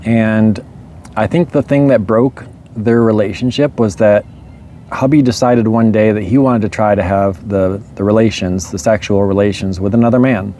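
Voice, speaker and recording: A man's voice: fairly low pitch, normal speed, a little hiss or hum. Laid-back man rambling through a story. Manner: relaxed, rambling, chuckles often. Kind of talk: casual storytelling monologue.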